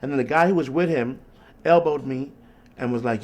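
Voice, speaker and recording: A man hosting a casual call, telling a rambling, animated story about life as a street musician and often asking "you know what I mean". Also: on the high side, fast talker.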